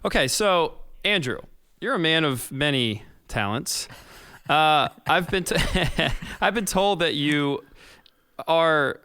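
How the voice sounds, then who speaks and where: A man's voice: on the high side, expressive, slow pace, pushed and bright, smooth, no echo. A man hosting a podcast interview, earnest and encouraging as he asks his guest questions. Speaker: podcast host. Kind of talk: casual interview.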